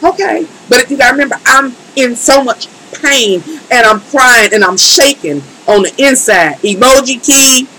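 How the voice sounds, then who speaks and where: A woman's voice: on the high side, normal speed, hardly any pauses, sharp tone, a little hiss or hum, rough recording. Emphatic woman telling a story on a live stream. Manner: emphatic, colloquial, talks straight to chat. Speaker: tarot reader and live streamer.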